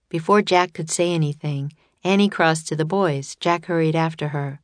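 A woman narrating a children's storybook in a clear, expressive way. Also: low-pitched, normal speed, few pauses, no echo.

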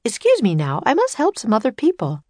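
A woman voicing a polite, formal gray-haired older woman at a fair, speaking crisply and courteously. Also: fairly high pitch, wildly swooping pitch, a little fast, a little mellow, no room sound, voice pushed up. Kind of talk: storybook character voice.

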